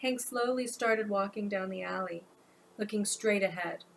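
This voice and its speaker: A woman's voice: medium pitch, moderate pace, vocal fry, slight background noise, low-quality recording. A woman author narrating her own audiobook in an informal storytelling manner.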